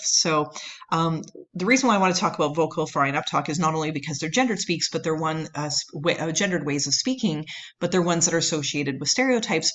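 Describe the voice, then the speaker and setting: A woman's voice: deep voice, a bit bright. A woman lecturing on anthropology, explaining at length with many fillers and "right?" checks. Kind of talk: recorded lecture.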